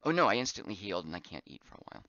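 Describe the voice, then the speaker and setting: A man streaming a game live, chatting as he plays, reading viewer comments aloud and thinking out loud, his voice getting hoarse. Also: sits low, big pitch swings, rapid-fire, dry recording, muffled recording. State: voice going hoarse.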